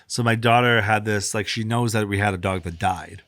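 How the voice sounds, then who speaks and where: A man's voice: fairly low pitch, fairly even intonation, fairly quick, fairly bright tone, no echo, studio quality. A man, co-hosting a podcast in casual chat and rambling through stories with lots of fillers. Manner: rambling, frequent fillers, laughs at own stories. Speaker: podcast co-host.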